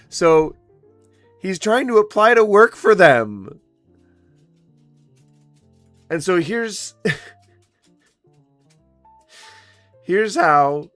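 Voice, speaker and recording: A man's voice: high-pitched, expressive, extremely slow, long pauses, fairly bright tone, no echo, faint music behind. A man giving profane, mocking reaction commentary, often breaking into laughter. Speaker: commentary YouTuber. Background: faint smooth jazz.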